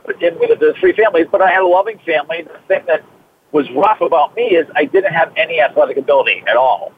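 A man's voice: a little high, animated, fast talker. A man in his fifties from Massachusetts with a Boston accent, a guest talking at length in a chatty way with many fillers. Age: 50s. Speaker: guest, trainer and author. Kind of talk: interview over the phone. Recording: tinny phone line with faint hiss.

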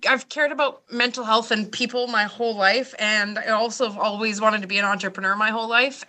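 A young woman, a radio host who is this episode's guest, answering interview questions in quick, excitable casual chat and laughing often. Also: fairly low pitch.

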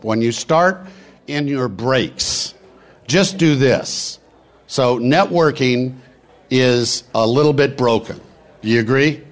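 A middle-aged man speaking at a live business networking event, preachy and rapid-fire, urging the crowd on. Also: mid-range voice. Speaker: motivational speaker. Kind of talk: live stage speech. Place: event hall.

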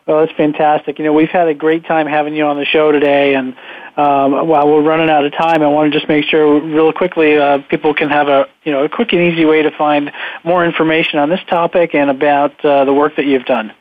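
A man's voice: fairly high pitch, little pitch movement, fairly quick, no room sound. A man working as guest host on a radio show. He thanks the guest and signs off the episode. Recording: dry, tinny phone-like line.

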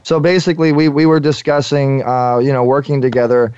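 A man hosting a radio interview, chatty and halting, stumbling over restarts and fillers. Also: medium pitch, little pitch movement, a little mellow, smooth, dry recording, muffled recording. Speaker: radio show host.

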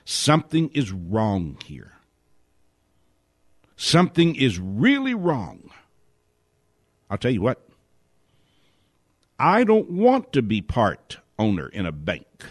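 A man giving a spoken commentary monologue, indignant, asking question after question and dropping to a hushed whisper for emphasis. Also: medium pitch, wildly swooping pitch, dry recording, studio quality. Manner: indignant, rapid rhetorical questions. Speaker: host.

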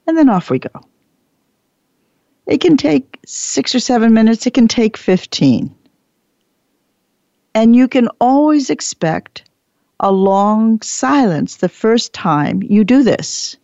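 A woman giving a training talk, animated, acting out bits of dialogue and repeating her points for emphasis. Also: fairly high pitch, takes it slowly, long pauses, dry recording. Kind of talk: lecture presentation. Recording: dull lo-fi dry recording.

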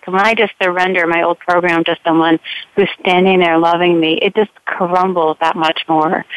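Reflective woman host, lower voice. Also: no room sound. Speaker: podcast host. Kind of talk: casual podcast conversation. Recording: dull, dry lo-fi sound.

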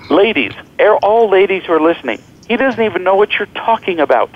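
Gravelly middle-aged man telling stories. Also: high-pitched, moderate pace, lo-fi sound. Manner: animated, joking, acts out quoted voices. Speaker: author and guest. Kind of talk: storytelling interview talk.

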